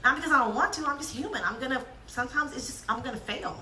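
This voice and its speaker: A woman giving a lively, joking sermon to young people, acting out quotes as she goes. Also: sits high, quick pace, far from the mic, slight background noise. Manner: lively, jokey, acts out quotes. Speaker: youth speaker. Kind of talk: youth sermon. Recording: echoey hall, speaker off-mic.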